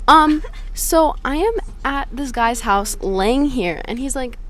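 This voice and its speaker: A young woman telling a story on a casual podcast, animated and swearing a lot, recorded inside a car. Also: fairly high pitch, moderate pace.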